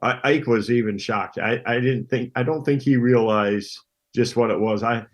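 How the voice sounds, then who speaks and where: A middle-aged man, talking as a podcast guest in a relaxed, plain-spoken way. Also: mid-range voice, normal speed. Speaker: guest, pro angler. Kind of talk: casual interview chat.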